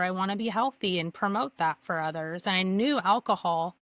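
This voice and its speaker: A woman's voice: fairly low pitch, fairly quick, fairly bright tone, no room sound. Earnest woman telling her story, dry sound. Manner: earnest, with frequent "like" and restarts. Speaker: podcast guest. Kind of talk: candid personal storytelling.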